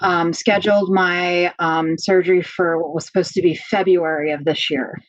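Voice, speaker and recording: Woman with a low voice, frank storytelling. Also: moderate pace, dry recording. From Pennsylvania. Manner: frank, animated retelling, many fillers. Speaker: podcast guest. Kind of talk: candid personal storytelling. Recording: slightly dull, dry lo-fi audio.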